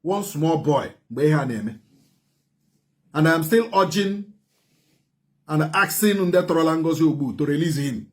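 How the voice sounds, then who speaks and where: A man's voice: a little high, expressive, moderate pace, pauses often, a little mellow. A man with a Nigerian Igbo accent giving heated commentary, emphatic and repetitive, switching between Igbo and English. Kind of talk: heated social media commentary.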